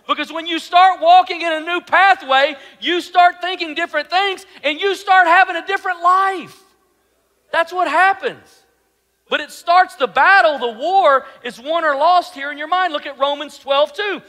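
A man preaching a sermon as pastor, animated and full of rhetorical questions, sometimes dropping to a soft, low voice. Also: moderate pace, long reverb tail, poor audio.

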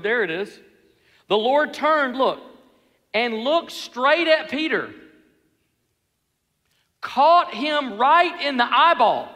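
A man preaching with a very high, bright voice, telling the story in an animated way with wry self-deprecating humor. The sermon rings out in a large, reverberant church hall.

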